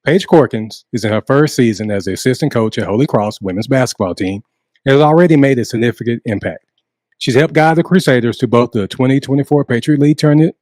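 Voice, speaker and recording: A man co-hosting, reading a formal guest introduction in a steady voice. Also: mid-range voice, no echo. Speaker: co-host. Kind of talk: read introduction.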